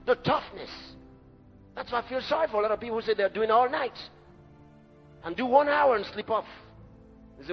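A man preaching a sermon in an emphatic, dramatic way, rising at times to a shout. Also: sits high, animated, normal speed. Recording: dull lo-fi recording in a reverberant hall with faint music.

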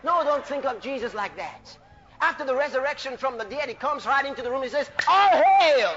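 Preacher, male, high sharp voice, fervent and shouting, lo-fi recording. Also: animated, quick pace. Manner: fervent, laughing, bursts into shouts. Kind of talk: sermon. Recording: dull lo-fi recording with faint music.

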